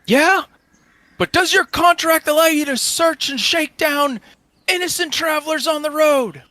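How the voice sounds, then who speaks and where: Man playing a yelling caravan guard, blunt, high and bright. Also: a little slow, no room sound, full character voice. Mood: defiant.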